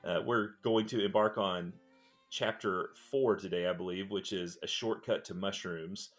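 A man hosting a podcast in a relaxed, casual way, talking into a close mic. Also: deep voice, normal speed, soft background music. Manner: relaxed, with fillers and restarts. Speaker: podcast host.

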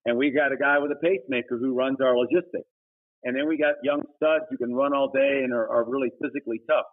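A middle-aged man, a missionary guest, giving an earnest, preachy personal testimony that breaks into sudden emphatic high bursts. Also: fairly even intonation, fast, husky. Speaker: guest, humanitarian missionary leader. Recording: tinny phone-like audio.

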